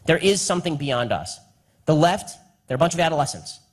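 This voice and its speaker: Combative fast-talking man. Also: a little high, sing-song, slightly rough. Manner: rapid, combative, repetitive rhetorical emphasis. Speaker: speaker answering audience questions. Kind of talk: live Q&A speech.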